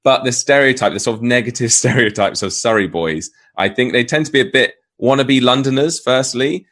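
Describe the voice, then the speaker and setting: A man's voice: mid-range voice, brisk. A man with a Southern English accent, a trained actor, chatting animatedly as a podcast guest. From Southern England. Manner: chatty, animated, laughs often. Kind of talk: casual conversation.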